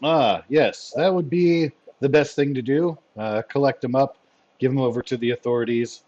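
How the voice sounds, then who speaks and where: Male actor as a formal spy chief, measured and dry, mid pitch, muffled audio. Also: a little mellow, close to an everyday voice. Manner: formal, measured, dryly wry.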